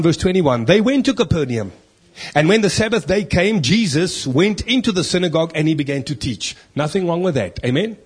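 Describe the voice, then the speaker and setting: A man's voice: fairly high pitch, husky. A man preaching a sermon in church, emphatic, asking rhetorical questions and reading scripture aloud.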